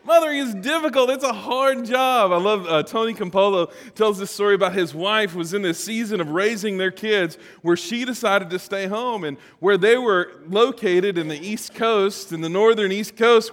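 A middle-aged man preaches to his congregation in an easy, conversational way, slipping jokes and stories into the sermon. His voice sits a little high for a man. It carries a long reverb from a large church auditorium. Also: a bit bright. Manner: conversational, joking storyteller. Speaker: pastor.

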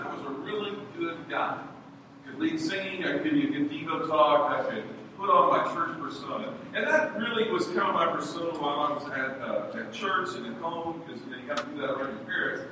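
Middle-aged male pastor, lively storytelling sermon, slightly high voice, far-off mic in a reverberant hall with background noise. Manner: animated storytelling, acting out voices. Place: church hall. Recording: echoey hall from far off, noisy.

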